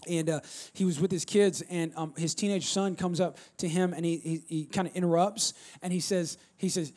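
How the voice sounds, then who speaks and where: A man preaching a sermon, swinging from loud emphatic bursts to quiet low asides. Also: fairly even intonation, fast, few pauses. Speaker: pastor.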